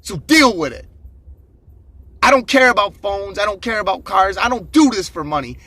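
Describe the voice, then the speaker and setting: Fired-up man preaching hustle with a high, piercing voice. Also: expressive, normal speed, dry recording. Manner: intense, swearing, shouting bursts. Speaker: motivational vlogger. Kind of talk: ranting motivational monologue. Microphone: phone camera.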